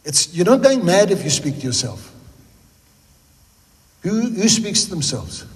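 With a high-pitched, sing-song voice and measured pace, a South African pastor preaches in a large hall. His sermon is humorous and conversational, drifting off into tangents as he jokes along.

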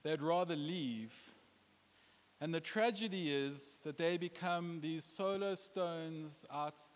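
Man, pastor, sermon, high voice, playful and joking, long hall reverb. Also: slow pace. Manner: playful, jokes and puts on accents. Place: church hall with a congregation.

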